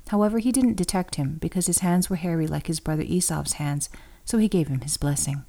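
A woman reads scripture aloud in steady, even narration. Her voice is mellow and sits on the low side. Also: fairly quick. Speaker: scripture reader.

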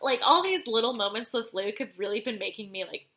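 A woman's voice: fairly high pitch, expressive, a little fast, sharp tone. A woman co-hosting a casual recap chat, retelling scenes and acting out quotes with frequent laughs. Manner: storytelling, acts out quotes, laughs often. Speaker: podcast co-host.

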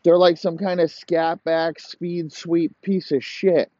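A man's voice: on the high side, level tone, slow pace, warm tone, no room sound, highs cut off. A man hosting a podcast, ranting profanely and rambling in heated complaint. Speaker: podcast host. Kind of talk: profane casual rant.

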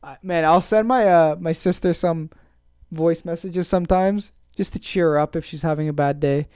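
A man's voice: a little high, moderate pace, a little mellow, clean tone, no echo. A man hosting a casual solo podcast, rambling and self-deprecating with many fillers. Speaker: podcast host.

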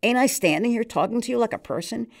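A woman voicing a nervous, eager male New York barman, earnest, excitable and streetwise. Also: very high-pitched, fast talker, vocal fry, voice pushed up, exaggerated voice.

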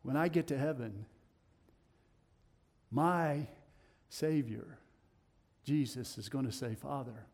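A middle-aged man with a Tennessee accent preaching a sermon, swinging between loud declarations and hushed, low passages. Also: slow, pauses often.

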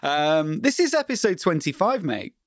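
A man's voice: on the high side, very animated, normal speed, no echo, studio quality. A man hosting a podcast, easygoing and bantering, asking short questions. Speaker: podcast host. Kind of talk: casual podcast chat.

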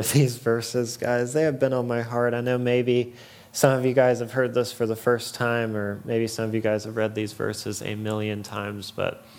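A young man giving an earnest, story-filled sermon, often breaking into small laughs. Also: fairly low pitch. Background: music.

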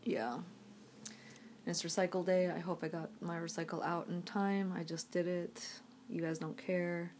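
A woman's voice: lowish voice, flat delivery, moderate pace, a little mellow, slight background noise. A woman vlogging to her audience on a phone, rambling with many fillers and frequent swearing. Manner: frustrated, swearing, filler-heavy. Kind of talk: casual rambling to camera.

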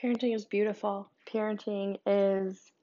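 A woman's voice: mid-range voice, level tone, normal speed, dark tone. A woman, talking casually as a parent giving advice and often repeating and restarting her phrases. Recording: dull lo-fi recording.

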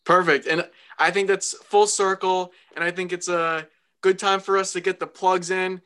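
A man hosting a podcast, mostly giving short replies of agreement and warmly praising his guest. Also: high-pitched, level tone, normal speed, clean tone. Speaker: podcast host. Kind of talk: casual interview.

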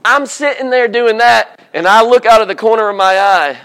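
Male preacher, high voice, jokey storyteller, sermon in church. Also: moderate pace, hardly any pauses, a bit bright, clean tone. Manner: humorous, storytelling, acts out voices.

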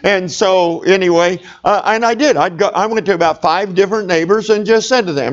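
A man's voice: high voice, brisk, hardly any pauses, dull audio. A middle-aged male pastor telling a humorous personal story in a sermon, talking straight to his congregation. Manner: folksy, humorous, talks to the congregation.

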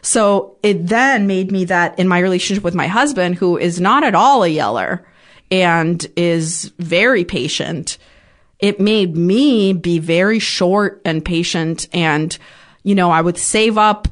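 A woman's voice: on the low side, measured pace. A woman from Ukraine, a podcast guest, telling personal stories candidly and swearing freely. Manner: frank, swears freely, acts out her past outbursts. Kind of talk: candid conversational storytelling.

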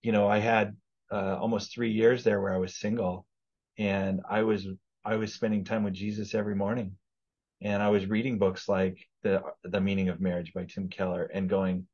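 A man's voice: on the low side, steady tone, normal speed, a little mellow, breathy edge, lo-fi sound. A man speaking earnestly as a podcast guest in a casual testimony conversation.

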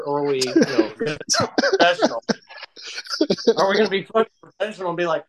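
A man co-hosting a podcast, chatting casually and telling profane, animated jokes. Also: sits high, fairly quick, low-quality recording. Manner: animated, profane joking storyteller. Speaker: podcast co-host.

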